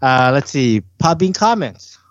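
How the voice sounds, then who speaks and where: A man's voice: mid-range voice, big pitch swings, measured pace, dry recording, lo-fi sound. A man co-hosting a casual podcast, reading listener comments aloud and laughing often.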